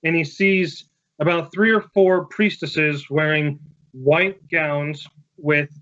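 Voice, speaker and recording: A man running a tabletop game, narrating casually with fillers and plain phrasing. His voice sits a little high, and the sound is slightly dull and lo-fi. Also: steady tone, takes it slowly, pushed and bright. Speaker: game master.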